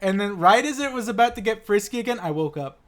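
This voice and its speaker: A man's voice: sits high, animated, fast, a crowd in the background. A young man casually telling a story to friends on a podcast, rambling, stammering and restarting, acting out what people said. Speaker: podcast co-host.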